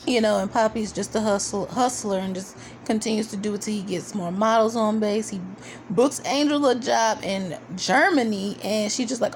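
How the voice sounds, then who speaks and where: A woman casually recapping a TV episode, chatty and quoting the characters in animated asides. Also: medium pitch, normal speed, slight background noise. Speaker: video reviewer.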